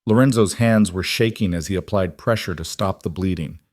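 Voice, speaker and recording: Low-voiced man narrating a romance story. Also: fairly quick, a little mellow, dry recording, studio quality. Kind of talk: scripted romance audiobook narration.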